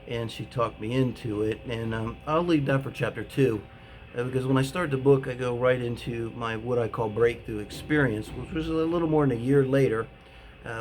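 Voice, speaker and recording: A man telling a personal story in a casual, rambling way, with many pauses and fillers. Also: medium pitch, a little hiss or hum. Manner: rambling and hesitant, full of fillers. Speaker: author telling his own story.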